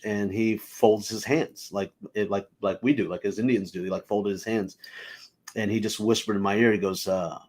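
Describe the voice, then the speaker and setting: A man with a fairly low voice, chatting as a guest comedian on a talk show. He tells his stories casually and animatedly, with many ums and uhs, and he acts out the voices of the people in them. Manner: animated, filler-heavy, acts out quoted voices. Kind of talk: casual anecdotal storytelling.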